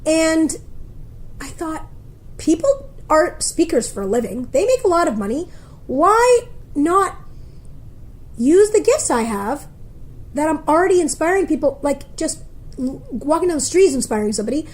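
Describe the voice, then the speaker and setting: A woman, a motivational speaker, telling a story in a casual interview, lively and acting out the voices of others. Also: high voice, normal speed, pauses often. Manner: animated, acts out quoted voices.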